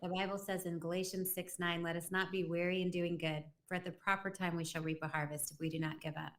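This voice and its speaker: Casting: an earnest woman political guest, low-pitched, sincere. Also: little pitch movement, fast talker, fairly bright tone. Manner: earnest, quotes scripture. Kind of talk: casual interview talk.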